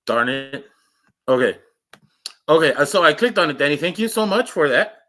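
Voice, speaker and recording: A man hosts his own livestream, rambling and joking with his few viewers and laughing often. His voice is bright and fairly high for a man. It jumps between loud bursts and low mutters. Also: lively intonation, moderate pace, pauses often. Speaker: livestream host. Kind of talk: casual livestream chat.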